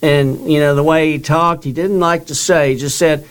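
Earnest middle-aged man, smooth voice. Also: fairly high pitch, moderate pace. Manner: rambling, earnest, repeats words and quotes others. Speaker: guest telling his story. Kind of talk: casual storytelling interview.

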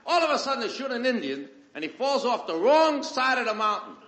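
High-voiced man telling a stand-up story. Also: sing-song, a little fast. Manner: streetwise storyteller, acts out characters' lines. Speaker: stand-up comedian. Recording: roomy live stage recording with loud audience laughter. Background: audience laughter.

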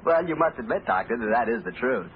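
A man in 1940s radio announcing style, breezy and jokey, reading a sales pitch. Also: lively intonation, quick pace. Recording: tinny old radio broadcast, faint hiss.

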